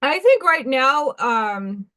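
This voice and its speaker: This is a woman hosting a live craft stream in casual chat. Her voice sits on the high side and she takes her time. She is chatty and excitable, and she narrates her own choices aloud as she works. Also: takes it slowly. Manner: chatty, excitable, talks to herself while working. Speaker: craft livestream host.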